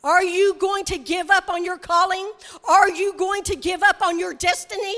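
A woman preacher delivering a sermon, emphatic and repetitive, rising to shouts. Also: very high voice, fairly even intonation, moderate pace. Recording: reverberant hall.

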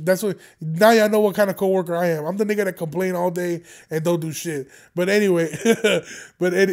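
A young man with a high voice talks straight to his viewers in a loose, rambling monologue. He swears freely, wanders off topic and keeps breaking into laughter between jokes. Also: darkish tone. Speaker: vlogger.

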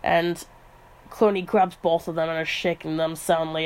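A woman's voice: lowish voice, flat delivery, normal speed, a little mellow. A woman casually retelling a novel's plot as a podcast host, chatty, with trivia asides and fillers. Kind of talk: casual storytelling recap.

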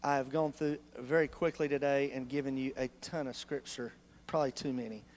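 A male pastor, preaching a sermon in a church in an animated, conversational way full of rhetorical questions. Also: mid-range voice, fairly quick, slight background noise.

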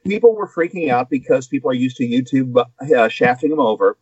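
A man's voice: mid-range voice, expressive, a little fast, a little mellow, husky, no room sound, highs cut off. A man co-hosting a casual podcast, explaining a news story at length with asides and fillers. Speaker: guest co-host.

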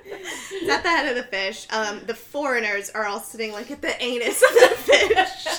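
A woman's voice: a little high, very animated, normal speed, a bit bright. A woman in casual podcast chat, recapping a film with lots of fillers and laughter. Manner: chatty, laughing, filler-heavy. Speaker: podcast co-host.

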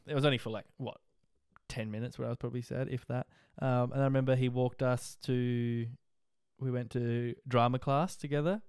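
Young Aussie male host, smooth dry voice, rambling and easygoing. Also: medium pitch, little pitch movement, fast, darkish tone, no room sound. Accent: Australian. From Australia. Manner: rambling, laid-back, frequent fillers and laughs. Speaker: podcast host. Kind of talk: casual life-story monologue.

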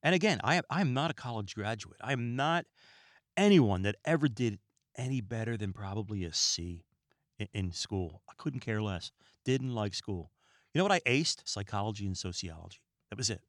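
A man hosting a podcast, talking in a calm, relaxed, rambling way and often stumbling over his words, recorded in a small room lined with books. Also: lowish voice, moderate pace, no room sound, studio quality. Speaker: podcast host. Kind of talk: casual podcast monologue.

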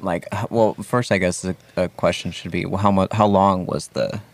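Very deep gravelly male host. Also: fairly even intonation, moderate pace. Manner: rambling, hesitant questions. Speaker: podcast host. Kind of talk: casual interview.

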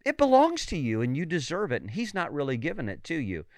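A preacher putting on the coaxing, hushed voice of a sly devil tempting a woman. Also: fairly high pitch, huge pitch swings, fast talker, no echo, clean studio sound.

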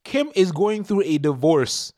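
A young man hosting a casual podcast chat, giving emphatic advice with lively bursts. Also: fairly high pitch, a little slow. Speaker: podcast host.

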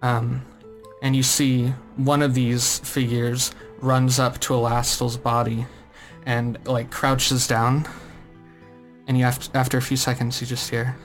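A man running a tabletop game as its game master, narrating in a relaxed and loose manner with frequent fillers. His voice sits in a middling pitch. Faint music plays behind him. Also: measured pace.

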